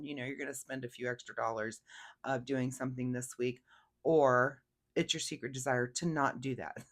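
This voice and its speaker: Chatty, rambling tarot reader. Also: mid-range voice. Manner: rambling and chatty, many fillers. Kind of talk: casual weekly tarot reading.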